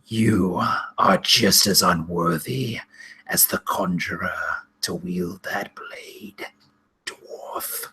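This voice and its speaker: A man voicing a menacing undead skeletal king who talks slowly in cold, contemptuous pronouncements. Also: low voice, bright, forceful tone, breathy edge, pitched below the performer's own voice, full character voice. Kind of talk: voicing a villain in a tabletop game.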